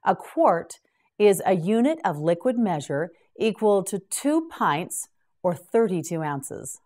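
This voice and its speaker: A woman teaches English vocabulary to beginners in a slow, lilting, fairly low, warm voice that's very animated. She enunciates carefully and repeats each word for the listener as part of a slow drill.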